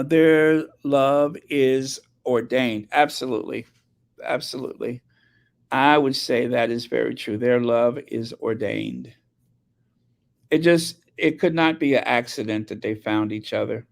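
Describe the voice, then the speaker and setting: A man's voice: medium pitch, steady tone, slow pace, creaky. A man hosting a casual commentary channel, talking hesitantly with many fillers and restarts. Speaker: channel host.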